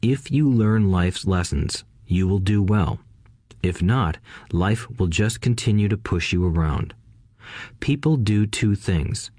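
A calm older businessman, read by a man. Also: lowish voice, slow pace, dry recording, studio quality. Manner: calm and quiet. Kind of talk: audiobook character voice.

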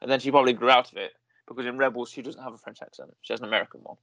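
A man's voice: mid-range voice, steady tone, rapid-fire, fairly bright tone, no room sound. A man hosting a casual review conversation, talking in a rambling way and often correcting himself with fillers. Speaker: podcast host reviewing a series.

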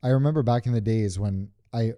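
A man from New York with a New York accent, co-hosting a casual chat and telling travel stories in an animated way. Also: mid-range voice, fairly quick. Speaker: podcast co-host. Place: room in Doha, recorded together in person.

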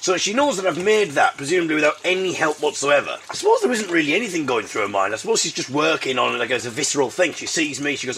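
A man's voice: fairly high pitch, big pitch swings, fast talker, hardly any pauses, fairly bright tone, slight background noise. A man hosting his own podcast, telling comic stories in a wry, self-mocking way and slipping in puns. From Britain. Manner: fond of puns. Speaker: podcast host. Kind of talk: comic monologue.

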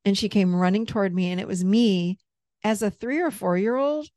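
A middle-aged woman, a therapist and coach, telling a personal story as a podcast guest in a candid, animated way, laughing easily and swearing freely. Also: mid-range voice, moderate pace, dry recording, studio quality. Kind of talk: casual storytelling in an interview.

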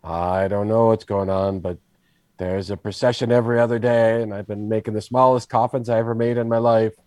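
Dude playing tired old-timey coffin maker, fake scottish accent, lowish voice, dry. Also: male voice, steady tone, a little fast, darkish tone, no echo, natural voice. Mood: weary. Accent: wobbly put-on Scottish. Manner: folksy, shifting put-on accent. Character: weary male village coffin maker, folksy.

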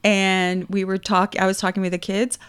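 A woman's voice: medium pitch, little pitch movement, normal speed, fairly bright tone, clear, resonant tone. A woman, a podcast co-host chatting casually and telling stories, acting out the people in them. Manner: storytelling, mimics other people in her anecdotes. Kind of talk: casual chat.

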